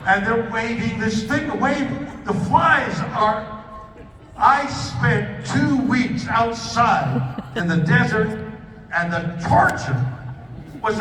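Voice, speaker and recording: A man's voice: very high-pitched, slow pace, background noise. A man on stage at a convention, telling a rambling, self-mocking anecdote with many restarts. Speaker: convention guest speaker. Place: large convention hall. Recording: echoey hall, mic picked up from a distance.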